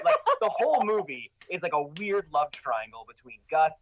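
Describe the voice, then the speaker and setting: A man as a guest on a casual horror movie podcast, excited and laughing, swearing as he gushes. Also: sits high, normal speed, few pauses, muffled recording. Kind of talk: casual chat.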